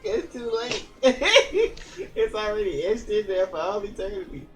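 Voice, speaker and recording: A woman's voice: medium pitch, sing-song, unhurried, soft background music. A woman chatting casually with her husband, teasing him and laughing, not miked. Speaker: host's wife. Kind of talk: casual chat. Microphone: not miked, away from the mic.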